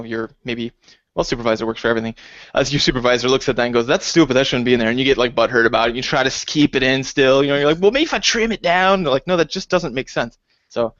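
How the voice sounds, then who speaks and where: A man co-hosting a casual podcast chat, talking lively and slipping into high, exaggerated quoted voices. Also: dry recording. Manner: animated, jumps into high acted quotes. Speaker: podcast co-host. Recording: dull dry lo-fi recording.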